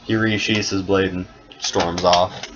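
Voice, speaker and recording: A man's voice: deep voice, flat delivery, unhurried. A man narrating as game master of a tabletop game in a casual, swearing way. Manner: casual, swearing, laughs at his own story. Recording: dull lo-fi sound with noise.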